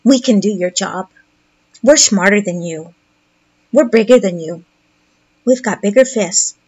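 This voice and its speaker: A woman's voice: medium pitch, measured pace, a little mellow, slightly rough. A woman commentator reading posts aloud and commenting on them in a sarcastic, mocking way.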